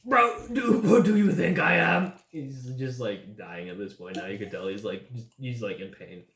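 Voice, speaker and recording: A man's voice: mid-range voice, normal speed, gravelly, a bit bright. A young man narrating casually as game master of a tabletop game, laughing and joking as he goes. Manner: laughs often, loose and joking. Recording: echoey room with faint noise.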